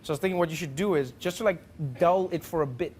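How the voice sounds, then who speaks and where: A man, telling chatty, animated stand-up stories. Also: fairly high pitch, quick pace, heavy background noise. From South Africa. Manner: animated, chatty, frequent "like" fillers. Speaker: stand-up comedian. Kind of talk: stand-up storytelling.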